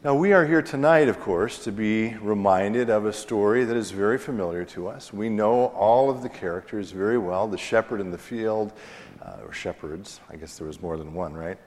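Lowish-voiced male pastor in reverberant church. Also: normal speed, darkish tone. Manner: conversational storytelling with fillers, self-deprecating humor. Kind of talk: sermon. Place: church sanctuary. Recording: long hall reverb in church.

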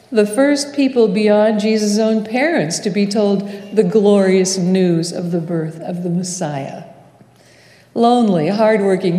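Slow, mellow-voiced woman preaching in echoey church. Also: mid-range voice. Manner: slow, measured preaching with dramatic pauses. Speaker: pastor. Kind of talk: sermon. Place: church sanctuary. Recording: echoey church hall with long reverb.

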